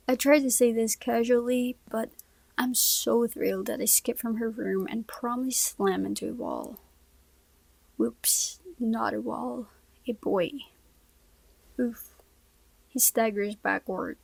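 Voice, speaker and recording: Woman, audiobook reader, soft, slips into whispers, gravelly, dry close sound. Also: a little high, unhurried, dry recording, low-quality recording. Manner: soft-spoken, often dropping into a whisper. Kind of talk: first-person novel reading.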